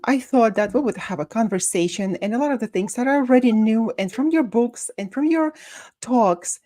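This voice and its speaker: A woman's voice: mid-range voice, darkish tone. A woman hosting an interview, speaking enthusiastically as she thanks her guest and previews the next topic. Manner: enthusiastic, fast-talking praise. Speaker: show host. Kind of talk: interview wrap-up.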